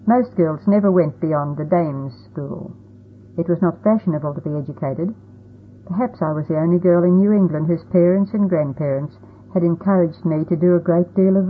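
A woman narrating a first-person storybook in a plain, steady reading manner. The sound is tinny and phone-like. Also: fairly low pitch, slight background noise. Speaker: audiobook narrator.

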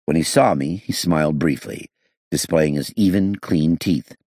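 Brief: male audiobook narrator, very deep, husky, lively delivery. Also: moderate pace, no echo, studio quality. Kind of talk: scripted narration.

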